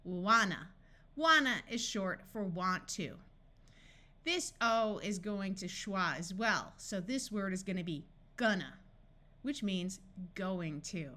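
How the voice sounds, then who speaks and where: A woman teaching a phonics lesson, reading words slowly and clearly one by one. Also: mid-range voice, animated, pushed and bright. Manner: slow, clearly enunciated word-by-word reading. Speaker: phonics tutor. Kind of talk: scripted phonics lesson narration.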